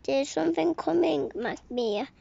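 A woman's voice: high voice, normal speed, creaky, mellow, no room sound. A woman reading aloud as a brave young male hero of a picture book, firm and matter-of-fact. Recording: dull lo-fi recording.

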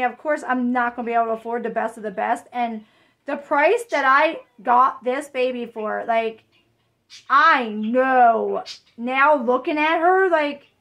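A woman who collects reborn dolls, gushing breathlessly in an excited unboxing vlog and shaky with excitement. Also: sits high.

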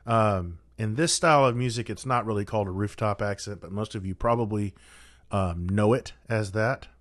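Male brass teacher, lowish pitch, calm methodical instruction, dry mic. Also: moderate pace, dry recording. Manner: methodical, coaching, direct advice to students. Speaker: trombone teacher. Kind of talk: instructional practice guide.

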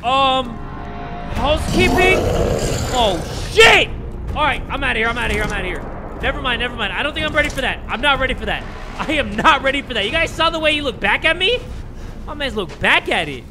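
Man, horror let's play commentary, jokey, swearing, loud music behind. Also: very high voice, quick pace. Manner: excitable, screams and yells at jumpscares. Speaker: gaming YouTuber.

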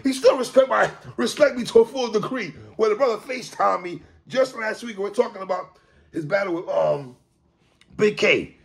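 A man hosting a casual hip-hop commentary monologue, animated and quick to laugh and exclaim. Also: high-pitched, gravelly.

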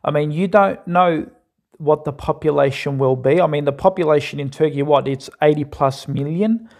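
Man, fairly high voice, earnest, argumentative, reaction commentary. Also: normal speed, a little mellow. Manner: earnest, argumentative, repeats points.

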